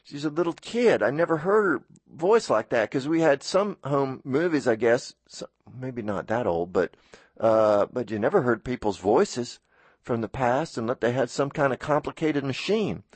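A man's voice: medium pitch, animated, moderate pace, slightly rough, no echo. Middle-aged man rambling on dry radio. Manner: storytelling, puts on quoted voices. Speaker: radio host. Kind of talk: rambling monologue.

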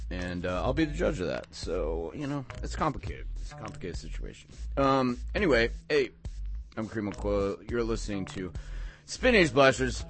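A man hosting a late-night radio show, chatting casually and excitedly between songs, often rambling off on tangents. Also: mid-range voice. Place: radio studio.

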